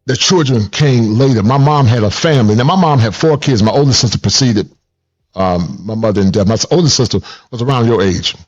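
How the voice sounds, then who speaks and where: A man, a therapist, in casual conversation, talking in an animated, emphatic way and often repeating himself. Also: mid-range voice, fairly quick, highs cut off. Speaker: therapist and host.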